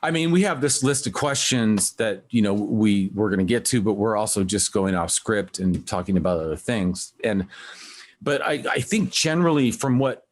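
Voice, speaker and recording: A man hosting a music podcast, talking in a casual, rambling way and acting out quotes with lively voices. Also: on the low side, moderate pace. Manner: rambling, animated when quoting others. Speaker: podcast host. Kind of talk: casual conversational interview.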